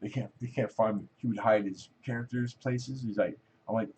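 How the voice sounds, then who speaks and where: A man's voice: lowish voice, fairly even intonation, brisk, darkish tone, a little hiss or hum. A middle-aged man hosting a casual chat, rambling through stories, acting out what people said and laughing often. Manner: rambling storytelling, acts out quoted voices, laughs often. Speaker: host.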